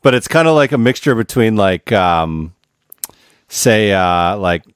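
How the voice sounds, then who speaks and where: A man's voice: fairly low pitch, lively intonation, a little slow, clean tone, no echo. Laughing, swearing man on a dry mic. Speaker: podcast co-host. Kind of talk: casual banter.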